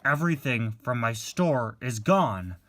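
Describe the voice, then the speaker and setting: A man voicing a gruff, loud male army jeep in a toy-car play story, barking his lines sternly. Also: medium pitch, lively intonation, measured pace, slight background noise, voice pushed down. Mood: angry. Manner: shouting, stern, drill-sergeant bark.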